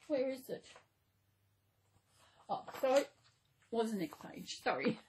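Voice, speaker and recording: Breathy high-voiced woman reading a bedtime-style story, slow and gentle. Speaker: channel host reading a story.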